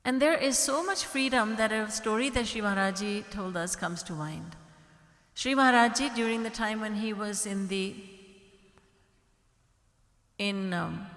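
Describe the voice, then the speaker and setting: A woman spiritual teacher giving a gentle devotional discourse, softly quoting prayers. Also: mid-range voice. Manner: gentle, devotional, quotes prayers in a soft pleading tone. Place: large hall at a retreat. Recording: echoey hall with long reverb.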